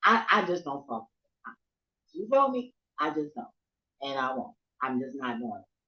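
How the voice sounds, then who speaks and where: Animated, profane woman vlogger, lo-fi. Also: extremely low pitch, normal speed. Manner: animated, profane, laughs a lot, loudness swings from murmurs to near shouts. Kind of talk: casual storytelling rant to camera.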